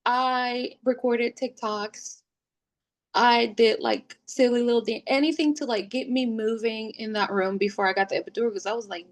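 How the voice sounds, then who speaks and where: A woman guest on a podcast, telling a personal story in a casual, lively way, recorded at home. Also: a little high, normal speed. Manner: lively, acts out quoted voices.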